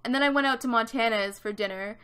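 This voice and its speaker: A woman's voice: fairly high pitch, quick pace, pushed and bright, clear, resonant tone. A woman in her twenties from Canada, telling a story in casual chat over a gaming video, with lots of fillers. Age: 20s. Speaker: gaming vlogger.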